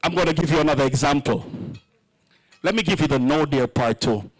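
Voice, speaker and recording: A man's voice: on the high side, brisk, slightly rough, poor audio. A man emceeing a wedding reception, joking and playing with the crowd.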